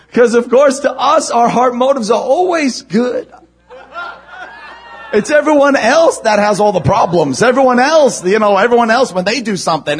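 Animated husky-voiced male preacher. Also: sits high. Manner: animated, swings from hushed to shouting. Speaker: pastor. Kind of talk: sermon.

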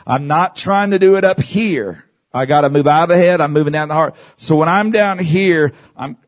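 A man with a fairly high voice preaches a teaching sermon to a congregation. He leads listeners through exercises, repeats his phrases, slips in "Amen," and calls for responses.

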